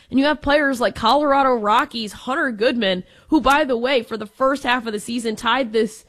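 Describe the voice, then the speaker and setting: High-voiced opinionated woman co-host. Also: fairly quick, hardly any pauses, fairly bright tone. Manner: opinionated, emphatic. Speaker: sports radio co-host. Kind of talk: casual sports talk radio.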